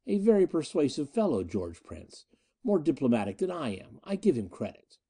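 A man voicing a cunning, ruthless male space-pirate leader who speaks in a measured, coldly matter-of-fact way. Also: on the high side, very animated, dark tone, husky, exaggerated voice. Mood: cold, menacing.

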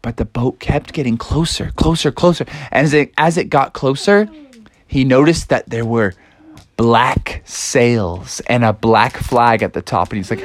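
A young woman telling an improvised storybook adventure to children in a lively, playful way. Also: a bass voice, normal speed.

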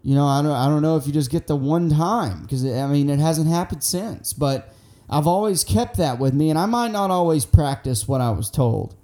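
A young man tells a story in a loose, rambling way, full of swearing, with a mellow, darker tone. His voice sits a bit higher than most men's. He acts out the lines of the people in the story as he goes. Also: normal speed. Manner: rambling, profane, excitable, acts out quotes. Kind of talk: casual storytelling.

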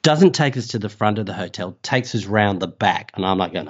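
An Australian man, a travel safety writer, telling a story in a casual, animated way and laughing often. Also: on the low side, fairly quick, lo-fi sound. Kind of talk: casual anecdote.

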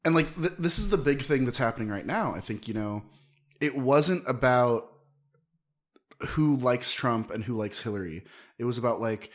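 A man's voice: medium pitch, animated. A man in a casual political chat who jumps in with short remarks and jokes. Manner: chimes in with quick interjections and jokes.

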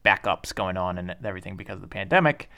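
A man co-hosting a board game podcast, talking in a rambling, halting way with lots of fillers. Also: low voice, lively intonation, gravelly, a crowd in the background. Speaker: podcast co-host.

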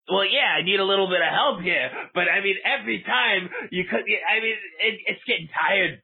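A hot-tempered male baseball mascot, played by a man, rants in a husky, slightly high voice. He stammers and swears as he talks, and his voice comes through a thin, tinny phone line. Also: normal speed, heavily acted. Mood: aggrieved. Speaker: caller.

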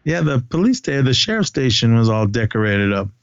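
A man's voice: mid-range voice, sing-song, brisk, clear, resonant tone, no echo. A man hosting a casual movie chat, retelling scenes in a rambling way with many restarts. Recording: dull lo-fi dry recording.

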